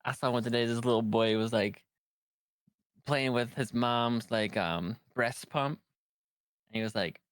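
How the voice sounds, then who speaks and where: A man's voice: mid-range voice, measured pace, long pauses, smooth, dry recording. A man co-hosting a casual podcast chat, easygoing and laughing through his stories. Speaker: co-host.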